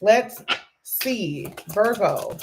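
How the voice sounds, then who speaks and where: A woman runs a live tarot reading, her voice still low from having just woken up. She is chatty and greets her viewers one by one as she lays out the cards. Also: lively intonation, very slow, noisy background. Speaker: tarot reader.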